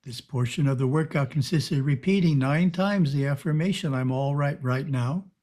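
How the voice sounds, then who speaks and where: A man giving a calm, measured spiritual teaching talk over a video call. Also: a little high.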